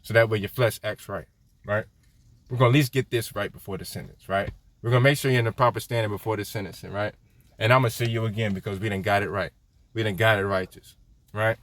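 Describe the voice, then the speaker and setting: A man's voice: fairly low pitch, steady tone, quick pace, fairly bright tone. A man leading a casual Bible study, reading scripture aloud and talking with viewers, often checking in with "right?" and laughing. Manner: conversational, peppers lines with "right?", laughs often. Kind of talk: casual livestream Bible teaching.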